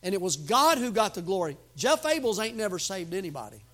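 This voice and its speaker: Pastor, male, high-pitched, emphatic sermon delivery that swings from quiet asides to loud outbursts. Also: very animated, fairly quick. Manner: emphatic preaching with sudden loud outbursts and humor.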